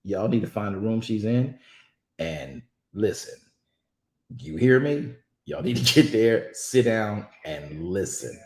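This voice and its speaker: A man's voice: on the low side, very animated, measured pace, a little mellow. Man, Bible study host, emphatic preaching delivery, y'all talk, roomy echo.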